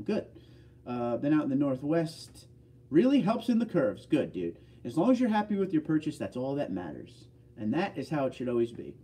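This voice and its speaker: A chatty man from the northeastern United States hosts a casual livestream and answers viewers' comments one by one. His voice sits a bit high with a mellow, dark tone. It sounds distant, as if he is sitting back from the microphone. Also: expressive, moderate pace. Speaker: livestream host.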